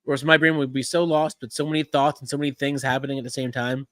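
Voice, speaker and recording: A man hosts a casual live-stream chat, talking through whatever is on screen. He rambles and restarts his sentences, chuckling now and then, in a voice of ordinary pitch. His sound is dry and close, with no room around it. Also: level tone, fast, dry recording. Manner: rambling, restarts and "yeah, no" fillers, easy chuckles. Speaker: podcast host.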